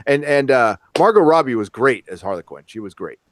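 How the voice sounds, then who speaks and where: A man's voice: mid-range voice, animated, a little fast, a bit bright, slight background noise. A man hosting a podcast, chatting casually in a rambling way with lots of fillers and swearing. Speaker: podcast host. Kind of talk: casual chat.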